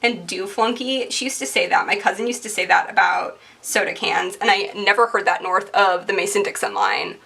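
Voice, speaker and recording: A woman's voice: mid-range voice, brisk, gravelly, hardly any pauses, bright, forceful tone, slightly rough, recorded from a distance. A woman in her twenties chatting casually and rambling as she decorates a planner, full of fillers and asides. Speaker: planner vlogger. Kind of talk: casual chatty narration over crafting.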